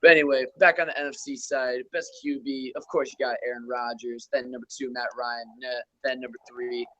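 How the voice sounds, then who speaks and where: A young man hosts a casual podcast, listing football rankings in a loose, offhand way. He swears freely and comments as he goes. His voice sits at an ordinary middle pitch. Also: little pitch movement, brisk, fairly bright tone, highs cut off. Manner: loose, profane, reels off rankings and stats. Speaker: podcast host. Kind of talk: casual sports gaming chat.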